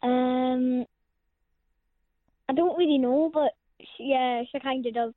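A woman's voice: sits high, fairly even intonation, slow pace, dry recording. Shy teenage girl on a phone line. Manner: shy, hesitant, giggly. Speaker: caller. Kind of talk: phone-in chat.

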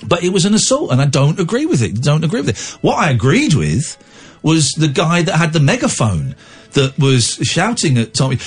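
Animated radio host, husky voice. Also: male voice, fairly high pitch, moderate pace, faint music behind. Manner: thinking aloud, stumbling restarts. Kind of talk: casual radio talk.

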